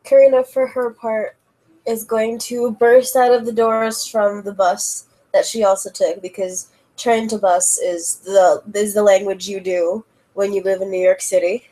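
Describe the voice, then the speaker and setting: A woman's voice: medium pitch, little pitch movement, unhurried, mellow, poor audio. A woman describing her character's actions as a player in a tabletop role-play, casual and rambling.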